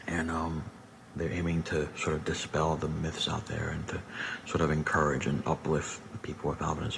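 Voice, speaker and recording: A man in his thirties with a very low, gravelly voice talks in a loose, earnest way, full of "um"s and "sort of"s. It sounds like a casual self-made video message, and faint hiss sits under his voice. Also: monotone, moderate pace, fairly bright tone. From Puerto Rican. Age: 30s. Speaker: radio personality.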